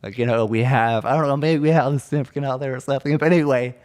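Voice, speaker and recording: A man's voice: medium pitch, very fast, a little mellow. Rambling young man co-hosting a comedy podcast. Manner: rambling, hesitant, full of restarts. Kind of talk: casual comedic chat.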